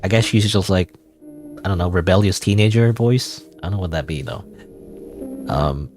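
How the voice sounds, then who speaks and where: Rambling low-voiced male streamer. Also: normal speed, over music. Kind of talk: gaming livestream commentary.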